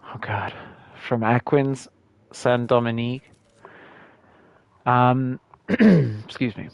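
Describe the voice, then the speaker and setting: A man's voice: medium pitch, slow pace, gravelly, long pauses, no room sound. A young man casually commenting on a game, joking and reading letters aloud. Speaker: gamer streamer.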